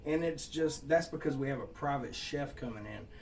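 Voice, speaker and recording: A man's voice: mid-range voice, moderate pace, darkish tone, slight background noise. Southern man telling rambling stories. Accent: Southern US (Georgia). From Southeast Georgia, US. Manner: rambling, laughing, profane. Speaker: songwriter guest. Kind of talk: casual storytelling chat.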